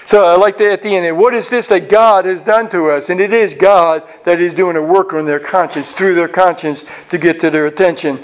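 High-voiced man teaching scripture. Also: normal speed, hardly any pauses. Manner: animated, acts out characters' reactions; frequent restarts and repeated words. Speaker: Bible teacher. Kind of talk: verse-by-verse Bible teaching.

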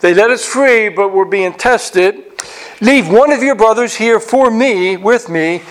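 High-voiced man teaching scripture. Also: a little slow. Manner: animated, acts out characters' reactions; frequent restarts and repeated words. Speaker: Bible teacher. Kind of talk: verse-by-verse Bible teaching.

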